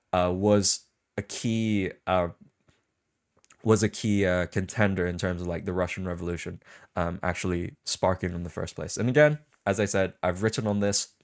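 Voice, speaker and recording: A young man hosting a casual livestream podcast, rambling and arguing his points with many fillers and restarts. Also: low-pitched. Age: young adult. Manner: rambling, filler-heavy, argumentative. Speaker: podcast host.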